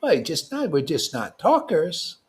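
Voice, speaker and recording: Animated slangy preacher man, fairly high voice. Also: a little slow. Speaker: devotional teacher. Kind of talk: informal preaching.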